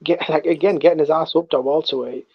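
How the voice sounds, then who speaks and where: A man's voice: a little high, steady tone, fast talker, husky, dry recording. Incredulous man, lo-fi sound. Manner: incredulous, questioning. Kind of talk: casual chat. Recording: dull lo-fi sound.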